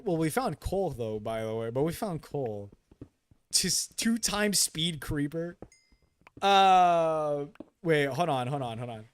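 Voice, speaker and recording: A man streaming a game late at night, joking around and answering his chat, easily startled into yelps. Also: fairly high pitch. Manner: jumpy, yelps when startled. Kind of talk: casual live gameplay chat.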